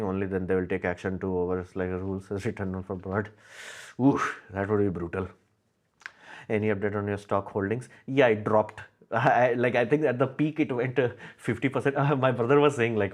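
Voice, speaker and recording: A young man hosting a casual livestream chat, musing aloud with lots of fillers. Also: lowish voice. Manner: rambling, musing, frequent fillers and laughs. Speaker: livestream host. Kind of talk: casual live chat answering viewers.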